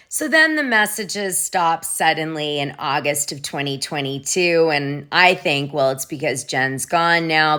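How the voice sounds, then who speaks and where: Low-voiced woman dishing gossip. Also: animated, unhurried, a bit bright. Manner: chatty, profane, reads messages aloud. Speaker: gossip show host. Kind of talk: casual gossip vlog.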